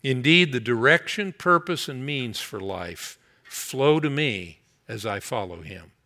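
Bright-voiced man preaching earnestly. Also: medium pitch, animated. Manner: earnest, emphatic preaching with slow prayerful stretches. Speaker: pastor. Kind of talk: sermon with closing prayer.

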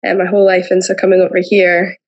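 A woman's voice: on the low side, monotone, quick pace, lo-fi sound. A woman speaking as a podcast guest, an American with a slight Scottish lilt, talking in a chatty storytelling way and laughing often. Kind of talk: casual conversation.

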